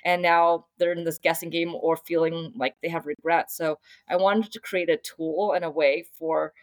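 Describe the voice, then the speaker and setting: This is a young adult woman speaking as a podcast guest. Her voice sits low and sounds dry and close, with no room around it. She talks earnestly and reflectively, circling back and restarting her sentences as she thinks. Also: steady tone, normal speed, no echo. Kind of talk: casual conversational interview.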